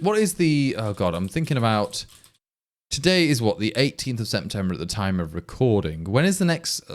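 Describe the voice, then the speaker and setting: A man with an East Midlands English accent, from Leicestershire, chatting casually on a live coding stream, thinking aloud and answering viewers. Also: on the low side. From England, Leicestershire. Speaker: programmer livestreaming his coding.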